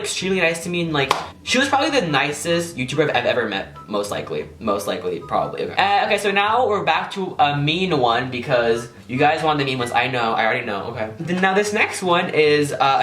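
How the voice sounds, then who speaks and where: A young man with a slightly high-pitched voice tells a casual storytime vlog in a rambling way. He fills his talk with "like" and swears freely. The sound is echoey, as if recorded in a bare room. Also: fairly bright tone. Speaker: YouTuber.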